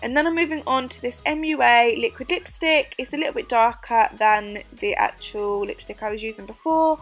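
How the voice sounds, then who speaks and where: A woman's voice: a little high, moderate pace, soft background music. A young woman talking through a makeup tutorial in a chatty, giggly, self-mocking way. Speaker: beauty vlogger. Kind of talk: casual makeup tutorial voice-over.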